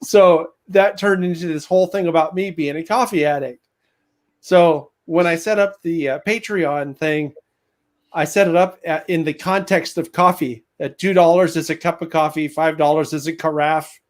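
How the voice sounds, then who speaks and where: Man, high voice, casual chat, chatty, laughs as he talks. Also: steady tone, moderate pace. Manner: chatty, laughs while talking. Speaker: guest.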